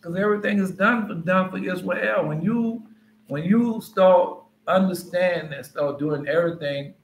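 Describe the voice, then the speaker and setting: A man's voice: high-pitched, normal speed, slight background noise. A man giving an informal Bible teaching in a conversational, rambling way with frequent asides. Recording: roomy echo.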